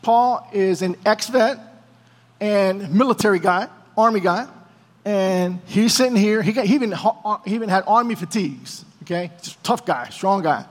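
A man with a notably high voice tells a sermon story with energy, acting out each exchange. His voice rings with a long reverberant tail, as in a large hall. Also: moderate pace. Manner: animated storyteller, acting out dialogue. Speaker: preacher.

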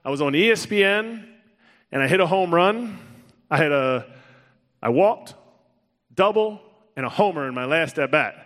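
Animated man telling stories in a reverberant hall. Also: on the high side, moderate pace, pauses often. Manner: animated, self-mocking, acts out both sides of conversations. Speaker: former baseball player telling his story. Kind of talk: storytelling talk to an audience.

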